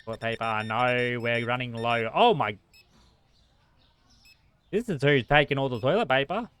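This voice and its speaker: A man streams a store game, greeting customers in a shopkeeper voice, talking to himself, and breaking into frantic bursts when things get busy, all in casual gameplay chat. His voice is medium-pitched, a bit bright and smooth, at a moderate pace.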